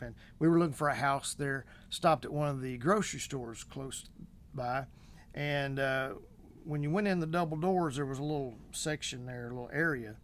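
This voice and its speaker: Rambling folksy middle-aged man, higher voice. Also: fairly bright tone, slight background noise. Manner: rambling, folksy, many fillers. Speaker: vlog host. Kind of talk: casual storytelling.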